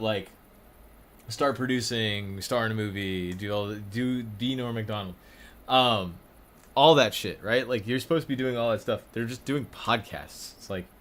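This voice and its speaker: A man's voice: on the low side, a bit bright, slight background noise. Rambling, profane young man streaming. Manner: rambling, profane, laughing often. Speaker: streamer ranking comedians. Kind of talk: casual live-stream commentary.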